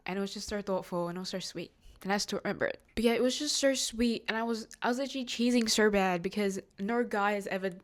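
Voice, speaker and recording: Chatty nineteen-year-old woman, slightly low. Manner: chatty and heartfelt, rambling with many fillers and restarts. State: near tears at moments, emotional. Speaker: podcast host. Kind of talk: casual solo podcast monologue.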